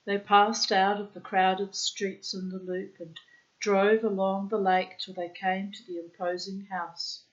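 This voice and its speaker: Slow, tired woman reading a story. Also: mid-range voice, lo-fi sound. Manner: unhurried, careful reading with asides. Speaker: audiobook reader. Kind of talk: reading a short story aloud.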